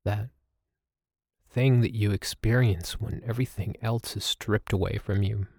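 A man telling a reflective personal story as a host, halting and with many fillers. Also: on the low side, fairly even intonation, darkish tone, no room sound, clean studio sound. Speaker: podcast host. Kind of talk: personal storytelling about meditation.

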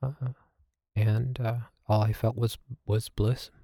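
Low gravelly man telling a story. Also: little pitch movement, warm tone, dry recording, clean studio sound. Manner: reflective, halting, many fillers. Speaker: podcast host. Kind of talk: personal storytelling about meditation.

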